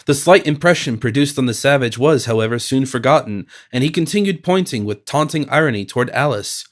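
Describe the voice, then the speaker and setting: A man with a mid-range voice reads a classic novel as an audiobook, narrating in a measured, even storytelling style.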